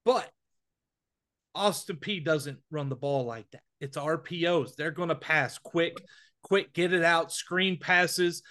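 A man co-hosting a college football podcast, talking emphatically with quick restarts. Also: fairly high pitch, bright, forceful tone. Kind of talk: casual sports podcast chat.

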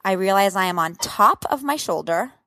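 A woman's voice: medium pitch, lively intonation, moderate pace, sharp tone, no room sound. A woman in her thirties telling a dramatic, profane story as a podcast co-host. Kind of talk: casual chat.

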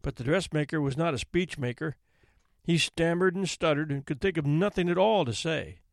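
A man narrating a classic folk tale in an expressive, theatrical reading style. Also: a little high, moderate pace, vocal fry, dry recording. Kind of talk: storybook narration.

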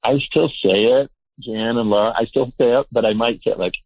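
A man's voice: medium pitch, a little fast, breathy edge, dry recording. A male researcher, interviewed as a guest, explaining his ideas in an earnest, emphatic way. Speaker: behavior researcher. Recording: tinny phone-like line.

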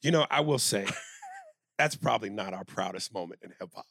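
A man co-hosting a comedy podcast, loud and animated, with a gravelly edge to his voice. His pitch swings wide as he riffs, reads listener emails and breaks into chants. The sound is dry and close, from a studio mic. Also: a little fast, no room sound. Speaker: podcast co-host. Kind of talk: crude comedic podcast banter.

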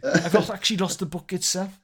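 A man voicing a doddery old male pensioner who rambles in halting bursts. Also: high-pitched, steady tone, fairly bright tone, slightly rough, pitched above the performer's own voice. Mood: rambling.

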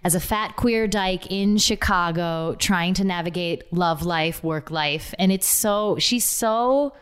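A woman's voice: fairly low pitch, clean tone. A woman comedian, a guest on a podcast, chatting casually and laughing often. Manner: laughs often, quick back-and-forth. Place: home, calling in remotely.

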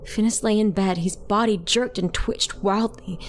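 A woman narrating a horror story in the first person with a measured, dramatic delivery. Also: mid-range voice, slight background noise.

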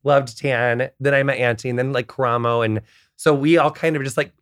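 A man's voice: medium pitch, brisk, smooth, dry recording, clean studio sound. An American man chatting as a podcast guest, telling stories in a rambling way full of fillers. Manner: rambling, full of "like", animated storytelling. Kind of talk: casual chat.

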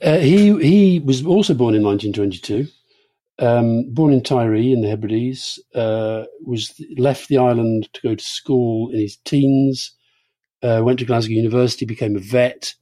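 A man's voice: mid-range voice, normal speed, warm tone, no room sound, clean studio sound. A man co-hosting a podcast in casual chat, reading out listener questions and murmuring agreement while his partner talks. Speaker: podcast co-host.

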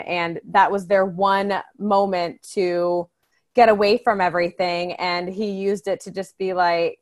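A woman's voice: mid-range voice, fairly bright tone. A young woman co-hosting a podcast in casual chat, talking loosely with lots of fillers. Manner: chatty, many fillers. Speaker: podcast co-host.

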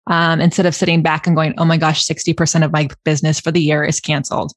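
Woman, podcast host, very low voice, dry close sound, reflective. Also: little pitch movement, fast, dry recording. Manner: reflective, thinking aloud with restarts. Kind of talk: casual interview chat.

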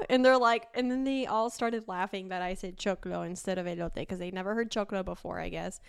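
A woman's voice: mid-range voice, steady tone, a little fast, gravelly, hardly any pauses, smooth, no room sound, clean studio sound. A young woman from Argentina co-hosting a podcast, chatting casually, laughing often and swearing freely as she tells stories. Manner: giggly, storytelling, swears casually. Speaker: podcast co-host. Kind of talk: casual chat.

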